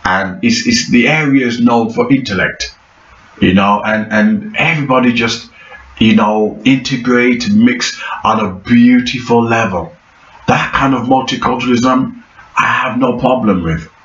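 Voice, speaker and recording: A man's voice: medium pitch, unhurried, a bit bright, roomy sound, highs cut off. A man giving an opinionated vlog commentary, talking emphatically and repeating his points, with theatrical outbursts. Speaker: vlogger.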